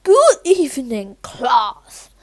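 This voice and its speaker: An eccentric storybook teacher dressed as a bat speaks with spooky, theatrical flair, voiced by a woman reading aloud. The voice is high and carrying, and the pace is slow and deliberate. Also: wildly swooping pitch, heavily acted. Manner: dramatic, spooky, welcoming.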